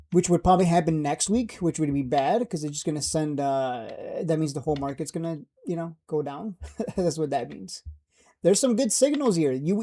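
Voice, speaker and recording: Man, market streamer. Brash, joking, dark tone. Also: fairly high pitch. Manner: brash, joking, laughs at own jabs. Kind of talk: casual market commentary.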